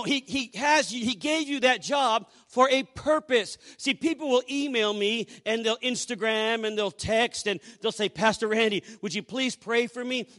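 A male pastor preaching and telling a story to a congregation, swinging between hushed asides and loud exclamations. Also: extremely high pitch. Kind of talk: sermon storytelling.

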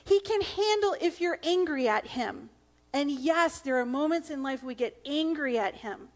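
A middle-aged woman pastor preaching a sermon in an earnest, emphatic manner, sometimes dropping to a hush. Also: sits high, animated, normal speed.

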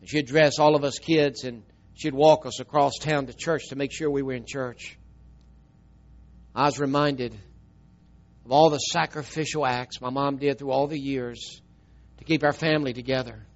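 A middle-aged man, preaching a storytelling sermon and swinging from emphatic, loud telling to a soft, tearful hush. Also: medium pitch, steady tone, normal speed, highs cut off.

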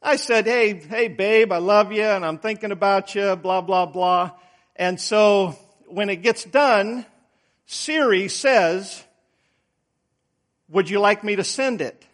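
Man, middle-aged, preacher, high voice, folksy sermon, emphatic. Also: slow, a bit bright. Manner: folksy storytelling, emphatic rises.

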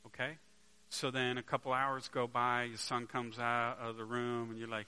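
Man, preacher, sermon, bright forceful voice, conversational, halting repeats, rhetorical questions. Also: medium pitch, completely flat delivery, smooth. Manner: conversational, repeats words while searching for them. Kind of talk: sermon to a live congregation.

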